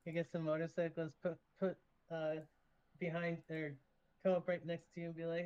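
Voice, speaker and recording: A man's voice: on the high side, little pitch movement, a little slow, darkish tone, clear, resonant tone, highs cut off. A man running a tabletop game who explains rules casually, with many fillers and restarts. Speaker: game master.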